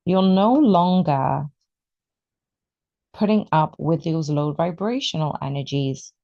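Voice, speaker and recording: A woman reads tarot cards in a slow, drawn-out way, growing excited and emotional as she goes. Her voice is low, dark and gravelly with a lot of fry. The recording sounds a little dull and lo-fi. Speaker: tarot reader. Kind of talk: tarot reading video.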